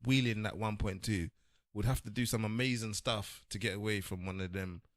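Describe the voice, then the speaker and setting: A man's voice: on the low side, fairly even intonation, fairly quick, no echo, studio quality. A man co-hosting a casual podcast, explaining his points emphatically. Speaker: podcast co-host. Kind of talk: casual chat.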